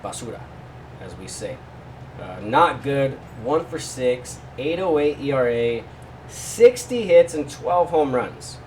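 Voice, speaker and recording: A man's voice: mid-range voice, very animated, slow, a little mellow, far from the mic, a little hiss or hum, poor audio. A man hosting a casual betting picks vlog, talking loosely with jokey asides to his viewers. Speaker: sports betting host.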